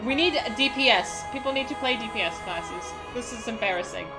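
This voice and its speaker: A young woman live-streaming a game, excitable and emotional as she talks to her chat and curses now and then. Her voice sits fairly high. Game music plays clearly behind her. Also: brisk.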